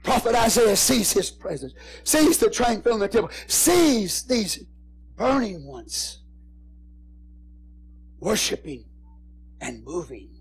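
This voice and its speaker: A husky, fairly high-voiced pastor preaching to his congregation. He drops to near-whispers and then builds to shouted, rising peaks, repeating his phrases for emphasis. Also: big pitch swings, slow pace, pauses often. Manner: swings from hushed whispers to shouted crescendos. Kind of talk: sermon.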